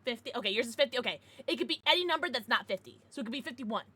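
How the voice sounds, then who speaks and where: A woman streamer with a fairly high, bright, sharp voice that swings widely in pitch. She chats casually with her viewers, excitable and quick to swear. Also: husky. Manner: laughs and gasps often. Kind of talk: casual livestream chat with viewers.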